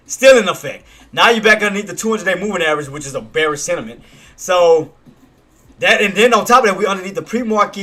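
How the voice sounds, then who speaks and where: A man hosts a live trading stream, hyped up and full of slang, shouting and laughing between his chart calls. His voice sits high.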